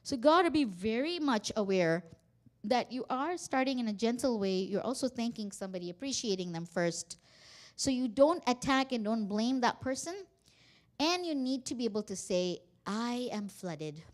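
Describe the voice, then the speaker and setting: A woman giving a workshop talk on family communication, animated and acting out quoted dialogue. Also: on the high side, normal speed. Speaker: workshop speaker. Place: community center hall.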